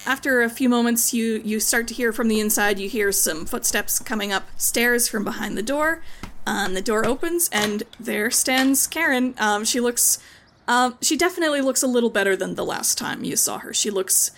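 A woman's voice: a little high, normal speed, fairly bright tone, slight background noise. A woman narrating a tabletop game as game master, chatty and hedging with frequent likes and ums.

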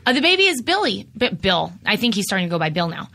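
A woman's voice: mid-range voice, sing-song, quick pace, pushed and bright. A woman in her thirties from St. Louis, a guest actress answering questions in a casual chat in an agreeable, matter-of-fact way.

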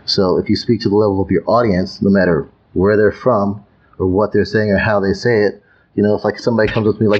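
Podcast guest: man, lowish voice, emphatic, restarts his phrases, slightly muffled audio. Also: fairly even intonation, fast talker. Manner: emphatic, repeats words while finding his point. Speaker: guest, youth coach. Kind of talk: conversational podcast interview.

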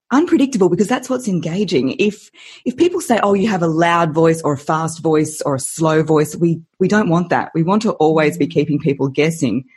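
Husky, expressive woman voice coach. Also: lowish voice. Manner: expressive, laughs often, uses playful analogies. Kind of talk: podcast interview.

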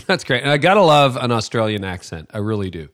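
A man's voice: medium pitch, big pitch swings, a little fast, fairly bright tone, no room sound, clean studio sound. A man hosting a podcast, reading an ad and interviewing a guest in an upbeat, chatty way with casual fillers. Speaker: podcast host.

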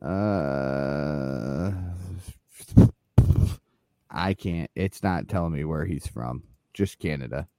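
A man's voice: very deep voice, drawn-out words, pauses often, a little mellow, no room sound. A man co-hosting a podcast, chatting casually and laughing often while looking things up. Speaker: podcast co-host. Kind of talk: casual chat about wrestling.

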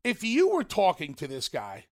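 Male radio co-host, animated, fairly high voice. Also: normal speed. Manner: animated, builds up excitedly. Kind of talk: casual radio talk.

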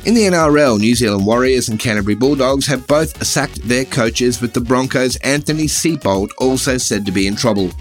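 A man's voice: mid-range voice, fairly quick, few pauses, faint music behind. An Australian man hosting a comedy podcast, delivering a scripted satirical monologue in a sardonic, wry way.

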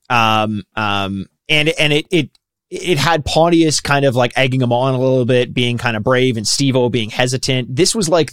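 A man co-hosting a podcast, chatting in an animated, joking way. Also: medium pitch, dry recording, studio quality. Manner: animated, joking, quick to laugh. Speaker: podcast co-host. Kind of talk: casual chat.

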